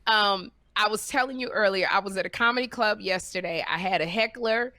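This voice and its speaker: A middle-aged woman co-hosting a podcast, speaking. Her voice is bright and forceful, and it sounds close and dry. She tells stories animatedly and acts out quoted voices. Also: medium pitch, brisk, no room sound. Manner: lively storyteller, acts out quoted voices, laughs loudly. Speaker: podcast co-host and comedian. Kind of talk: casual chat, animated storytelling.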